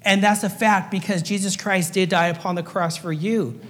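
Brief: male preacher and chaplain, high-pitched, earnest repeating delivery, recorded in an echoing church hall. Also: steady tone, normal speed, a bit bright. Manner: earnest, repetitive, acts out little voices for illustration. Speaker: pastor and fire chaplain. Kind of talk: sermon. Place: church sanctuary. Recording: long hall reverb.

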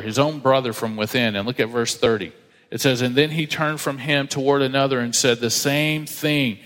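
A man's voice: medium pitch, fairly bright tone, long reverb tail. A married man with children preaching a sermon, reading scripture aloud and acting out the voices of the people he quotes. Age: adult, married with children. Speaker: pastor.

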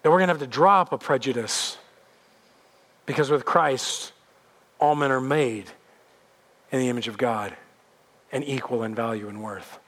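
A man's voice: mid-range voice, normal speed, pauses often, a bit bright. A male pastor giving a sermon in an emphatic, conversational way, repeating points for weight.

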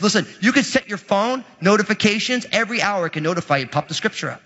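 Pastor, male, high voice, energetic humorous sermon, big church reverb. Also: fast, hardly any pauses. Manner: energetic, humorous, conversational preaching. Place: church sanctuary. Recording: muffled audio with long hall reverb.

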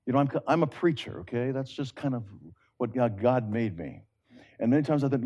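This man preaches with earnest, conversational energy, moving between loud, emphatic rises and hushed, stretched-out phrases. His voice sits at a medium pitch and his delivery is animated.

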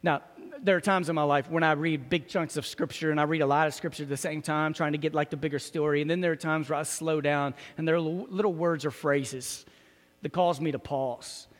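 High-voiced man preaching in a hall. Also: fairly even intonation, a little fast. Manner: conversational, emphatic preaching. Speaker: pastor. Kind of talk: sermon with scripture reading.

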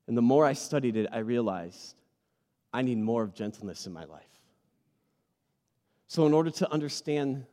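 A man preaching a sermon as pastor, animated and conversational, asking the congregation to repeat words back to him. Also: high voice. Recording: reverberant hall.

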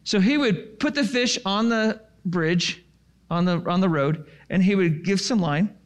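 A man's voice: sits high, a little slow. A man casually telling a rambling story to a live audience, full of restarts and fillers. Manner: animated and chatty.

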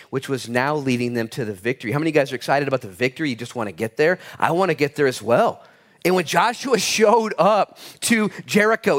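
Animated preacher with a raised voice. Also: male voice, a little high. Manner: animated, swings from loud exclamations to quiet asides; storytelling with humor and laughter. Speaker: pastor. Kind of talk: sermon.

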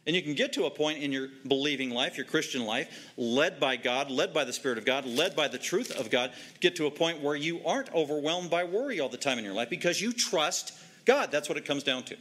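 A man's voice: a little high, animated, fairly quick, a bit bright. A man preaching a sermon, emphatic and repetitive, driving home short commands. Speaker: pastor.

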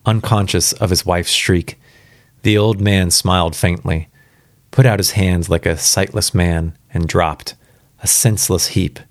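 A man's voice: sits low, steady tone, a little slow, no echo, clean studio sound. A man reading a classic story aloud on his first read-through, casually stopping to comment on the text. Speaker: story reader. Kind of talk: live first-time reading with asides.

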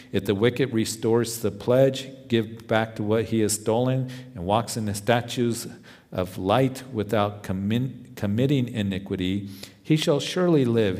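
A man's voice: lowish voice, darkish tone, big-room sound. A male pastor preaching verse by verse, earnest and repeating words when he presses a point. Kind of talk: verse-by-verse sermon.

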